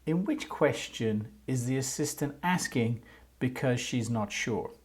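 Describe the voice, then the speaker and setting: An English teacher gives a lesson in a clear, patient way. The intonation rises and falls a lot. Example questions are spoken aloud between the explanations. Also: medium pitch, expressive, measured pace.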